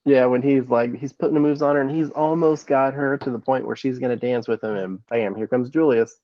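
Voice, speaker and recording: A man's voice: mid-range voice, fairly even intonation, fairly quick, no echo, dull audio. A man co-hosting a casual movie-review podcast, laid-back and enthusiastic, dropping "dude" and "man" as he talks. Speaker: podcast co-host.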